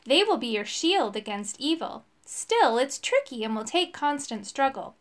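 A mysterious old woman of the swamp, read by a woman narrator, gives calm, steady advice in a storybook. The voice stays high and moves widely in pitch. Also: normal speed. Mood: advising. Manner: calm, advising.

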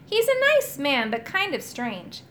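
A woman voicing an eager, excited young boy in a storybook reading. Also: high voice, a little slow, a little hiss or hum, full character voice. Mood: chatty.

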